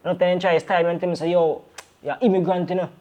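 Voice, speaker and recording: Guy playing a deported jamaican brother back home, defensive, rambly, voice a bit high. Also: fairly even intonation, very fast, lo-fi sound, natural voice. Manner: rambling, defensive, full of "you know". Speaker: actor in a crime drama. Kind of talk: Jamaican Patois film dialogue.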